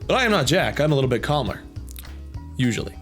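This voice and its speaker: Youtuber guy w a bit of a sore throat reading comments, goofy, voice bouncing all over, soft music behind. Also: mid-range voice, sing-song, fast. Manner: goofy, jumps into loud silly voices. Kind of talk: casual comment-reading chat.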